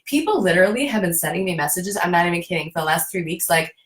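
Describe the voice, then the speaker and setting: A woman talking as a guest in a casual conversation, effusive, acting out her own quoted thoughts in lively bursts. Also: lowish voice, quick pace. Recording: roomy echo.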